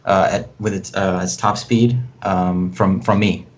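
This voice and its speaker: Brief: lowish male player, halting, explains rules, on dull lo-fi voice chat. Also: flat delivery. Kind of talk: tabletop game play.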